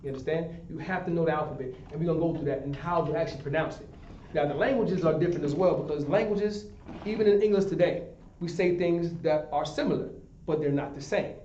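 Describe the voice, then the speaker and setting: A man's voice: on the high side, quick pace, warm tone, a little hiss or hum. A man teaching a class, repeating himself and often asking if the students understand. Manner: repetitive, checks in with "you understand?". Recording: echoey room, far from the mic, dull lo-fi.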